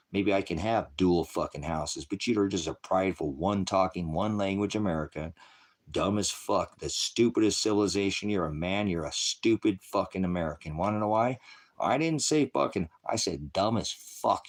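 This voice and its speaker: A man ranting angrily on a live stream, swearing heavily and preaching to his viewers as brothers and sisters. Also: low-pitched. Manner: profane, heated, scolding. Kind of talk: angry live-stream rant.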